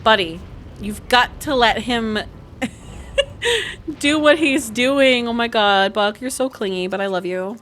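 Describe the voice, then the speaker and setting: A woman's voice: on the high side, measured pace, slight background noise. Giggly woman narrating her life-sim game. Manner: animated, laughs often, exclaims at the game. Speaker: gaming channel host. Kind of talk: casual gameplay commentary.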